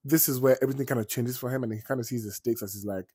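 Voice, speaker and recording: A man's voice: medium pitch, rapid-fire, dark tone, husky, dry recording, clean studio sound. A man talking casually as a vlogger, retelling a story in a chatty, digressive way and swearing freely.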